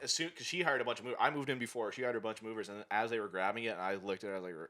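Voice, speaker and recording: A man's voice: lowish voice, steady tone, rapid-fire, pushed and bright. A young man hosting a podcast, telling loose, profane stories in a casual chat. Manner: loose, profane storytelling with quoted asides. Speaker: podcast host.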